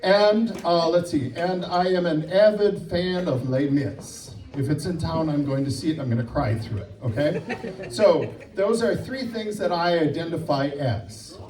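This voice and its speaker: A man's voice: a little high, unhurried, a little mellow. A man with a Wisconsin accent leads a church workshop, joking with the group and often checking in with "okay?". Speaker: workshop leader. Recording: echoey room, mic far off.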